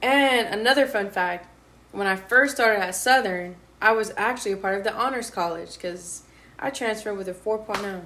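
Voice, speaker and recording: In this casual interview, a twenties-aged woman recounts her college days with plenty of slang, performing quotes like a lively storyteller. Her voice is mid-range and her pace normal, with slight background noise behind her.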